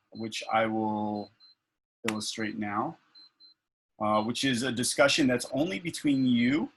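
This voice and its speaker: A man's voice: mid-range voice, a bit bright, low-quality recording. A man leading an online faculty workshop over a video call, thinking aloud with many fillers and restarts.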